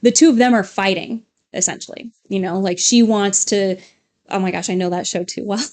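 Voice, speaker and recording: A woman's voice: medium pitch, brisk, a little mellow. A woman co-hosting a casual live stream from a home studio, rambling and chatty with frequent fillers and laughs. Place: home studio with LED lights.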